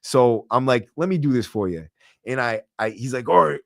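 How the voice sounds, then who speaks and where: A young man with a Boston accent telling a story on a podcast in a streetwise, profane, animated way. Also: medium pitch, moderate pace, no room sound, studio quality. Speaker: guest storyteller. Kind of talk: casual storytelling. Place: podcast studio. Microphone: podcast microphone.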